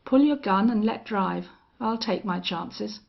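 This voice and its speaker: A steely old gunfighter, as a woman narrator puts him on, flat and cold, each threat unhurried. Her voice has a husky, gravelly edge, and the recording sounds muffled and lo-fi. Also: mid-range voice. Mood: menacing. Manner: strange, monotonous, cold. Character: grim, steely older male gunfighter and hunter.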